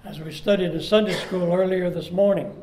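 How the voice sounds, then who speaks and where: A man preaching a sermon as pastor, earnest, slowing down to stress key words. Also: high voice, steady tone, darkish tone, a little hiss or hum. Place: church sanctuary. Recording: echoey church room.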